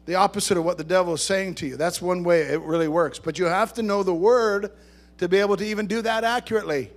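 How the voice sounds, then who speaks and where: Talking fast in a high-pitched voice, a male pastor preaches to a congregation. His tone is conversational and joking, though it rises at moments into emphatic bursts.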